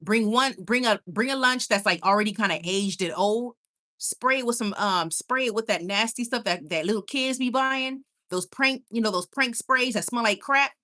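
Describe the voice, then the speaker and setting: A young woman hosting a casual live stream, reading viewer comments aloud and reacting in an animated, emphatic way, quick to laugh and often repeating herself. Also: on the high side.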